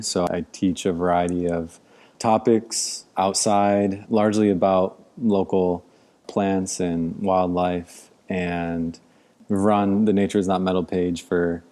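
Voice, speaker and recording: A man from the Midwest, an outdoor educator and podcast guest, speaking in a thoughtful, measured way and pausing to find his words. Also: low voice, mellow. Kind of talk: casual podcast interview.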